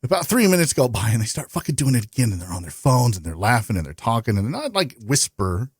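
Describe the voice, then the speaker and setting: A man's voice: mid-range voice, big pitch swings, fast talker, slightly rough, no echo, studio quality. A man ranting and telling profane stories as a guest in casual podcast banter.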